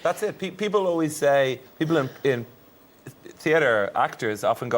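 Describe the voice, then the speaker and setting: An Irish man trading quick, jokey banter as a chat show guest. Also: a little high, animated. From Ireland. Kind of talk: comic banter.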